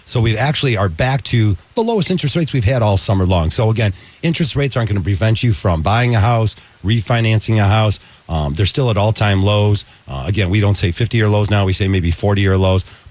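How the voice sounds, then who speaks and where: Low-voiced male radio host. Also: a little fast, darkish tone. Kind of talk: call-in radio talk.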